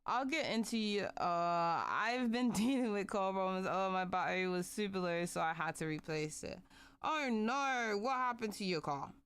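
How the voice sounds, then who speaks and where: A woman's voice: mid-range voice, moderate pace, a bit bright, smooth. A young woman chatting casually on a livestream, greeting viewers and asking them questions.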